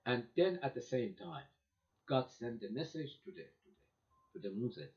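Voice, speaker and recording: A man lecturing on classical poetry, reading lines quickly and then translating them into halting English with many repeated words. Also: mid-range voice, very animated, a little mellow. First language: Persian. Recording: dull lo-fi recording.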